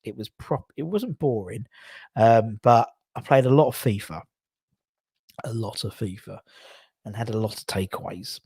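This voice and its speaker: Bloke hosting a chatty live stream, rambles and backtracks, dry close sound. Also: male voice, lowish voice, expressive, unhurried, vocal fry, long pauses, a little mellow, breathy edge, dry recording. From England. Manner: rambling, self-correcting, chatty. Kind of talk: casual live-stream chat with viewers. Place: home.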